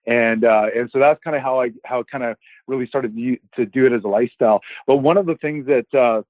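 Over a dry, tinny phone line, a man in a mid-range voice speaks at a quick pace with no room sound. He's a rambling storyteller giving a casual Christian healing testimony, acting out the dialogue along the way.

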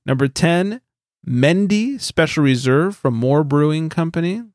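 A man's voice: a little high, animated, unhurried, darkish tone, dry recording. A man hosting a casual podcast, reading out a countdown list in a loose, joking, foul-mouthed way. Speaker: podcast host.

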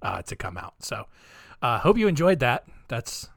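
A man's voice: mid-range voice, sing-song, moderate pace, creaky, fairly bright tone, no room sound, clean studio sound. A man hosting a podcast in a casual, jokey way, poking fun at himself as he rambles along. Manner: jokey, self-mocking, loose rambling delivery. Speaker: podcast host.

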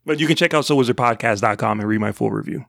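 Rambling mid-pitched man, dry sound. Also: fast, vocal fry, fairly bright tone, dry recording. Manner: rambling, laughs often. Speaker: podcast co-host. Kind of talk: casual movie review chat.

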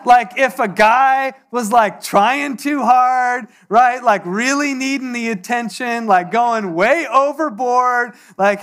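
A man's voice: very high voice, moderate pace, few pauses, a bit bright. A young adult man preaching a sermon, telling stories in a conversational way and acting out quoted voices. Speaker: pastor.

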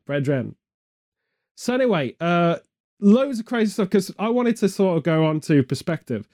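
A man's voice: mid-range voice, mellow. A man from the UK chatting casually, spinning meandering, absurd comic tangents with a straight face. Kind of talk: comedic rambling chat.

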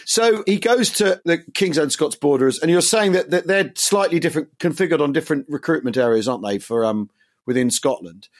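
A man's voice: a little high, lively intonation, fairly quick. A man talks casually as a podcast co-host. He is chatty and loose, trailing into ums and false starts as he thinks aloud. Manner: chatty, hesitant with many ums and restarts. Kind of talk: casual conversation.

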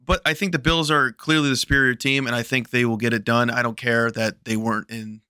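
A man's voice: mid-range voice, fairly even intonation, brisk, sharp tone, clear, resonant tone, dry recording, studio quality. A man on a betting panel, playful and opinionated as he backs his pick. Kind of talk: casual betting picks.

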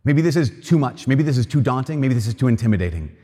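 A man's voice: mid-range voice, animated, fast, mellow, slightly rough. A man preaching a sermon, telling a story and then making an earnest appeal with emphatic repetition. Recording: long reverb of a large hall.

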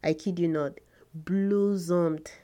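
Woman, podcast host, low voice, unhurried, earnest, repeats for emphasis. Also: fairly even intonation, darkish tone. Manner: earnest and slow, with emphatic repetition. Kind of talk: faith podcast monologue.

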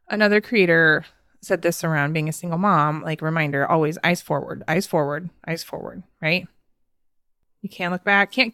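Chatty, bright-voiced mom podcaster. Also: female voice, on the low side, no room sound, clean studio sound. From United States. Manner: chatty, laughs often, many fillers. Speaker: podcast host. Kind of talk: casual personal storytelling.

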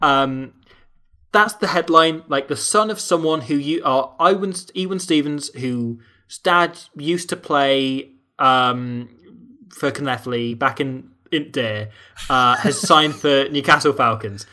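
A man's voice: mid-range voice, slow pace, sharp tone. A Welsh man co-hosting a casual chat, laughing often and reading an article aloud with mock drama. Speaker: podcast co-host.

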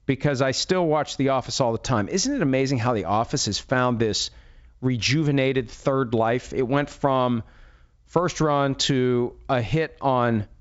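A man hosts a loose, rambling sports talk show with self-deprecating asides and a congested, head-cold voice. His pitch sits in a middle register. The sound is a bit dull and lo-fi. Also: a little slow. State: has a head cold, runny nose. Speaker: sports radio host. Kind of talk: casual monologue.

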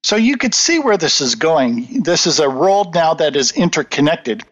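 A man's voice: fairly high pitch, sing-song, normal speed. A man answering interview questions in an earnest, emphatic, lecturing manner. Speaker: guest. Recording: dull lo-fi audio with long reverb.

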